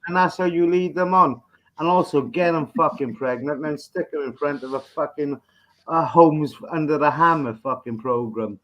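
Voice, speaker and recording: A man's voice: fairly high pitch, normal speed, fairly bright tone. A man hosting a podcast, ranting in a crude, profane, rambling comic manner. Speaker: podcast host. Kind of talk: crude comedic rant.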